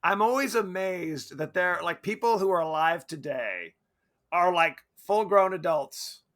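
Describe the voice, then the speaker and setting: A man's voice: sits high, measured pace. A man co-hosting a podcast, chatting casually and jokily about a movie. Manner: animated, jokey, slips into quoted voices. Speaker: podcast co-host.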